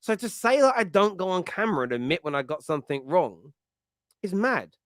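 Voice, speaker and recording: A man with an East London accent, hosting a fan podcast and answering chat comments in an animated, chatty way, laughing often and restarting his sentences. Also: high voice, fairly quick, no room sound, clean studio sound. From East London, England. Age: adult with a school-age child.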